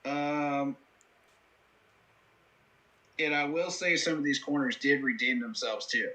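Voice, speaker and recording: Guy hosting a football reaction stream, real bright voice, earnest play breakdown, lots of "you know". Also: on the high side, steady tone, slow pace, poor audio. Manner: earnest, analytical, many "you know" fillers. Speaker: host. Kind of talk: live football reaction commentary.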